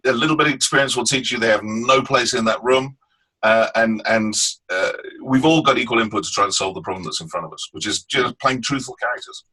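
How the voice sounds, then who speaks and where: A man's voice: medium pitch, fairly quick, sharp tone, husky. A man talking earnestly about voice acting in a casual webinar chat over a video call.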